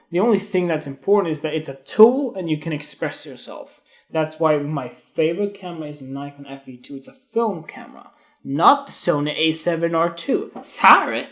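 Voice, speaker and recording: A young man hosting a solo photography show, rambling and blunt, swearing freely as he talks off the cuff on a live stream. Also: on the high side. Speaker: photography podcast host.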